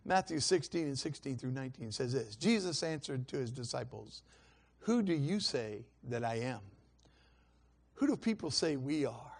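A male preacher giving a sermon, shifting from easy storytelling with repeated words to loud, fervent proclamation. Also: medium pitch, lively intonation, moderate pace. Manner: builds from conversational storytelling to shouting fervor; repeats and restarts words while telling stories.

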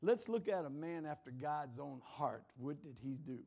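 A man preaching a sermon as pastor, animated, firing questions at the congregation and laughing often. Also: on the high side, normal speed.

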